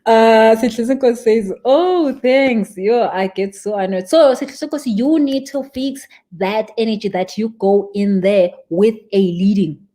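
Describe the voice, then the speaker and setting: A young woman coaching a live-stream audience, animated and emphatic, stressing points by repeating words. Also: a little high, a little slow, few pauses. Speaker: spiritual business coach.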